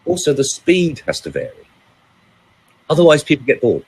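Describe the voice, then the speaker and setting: A male vocal coach telling a story in a casual chat. His voice swings widely in pitch as he talks. The tone is smooth and resonant. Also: moderate pace, rough recording. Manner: lively, animated storytelling with varied pace.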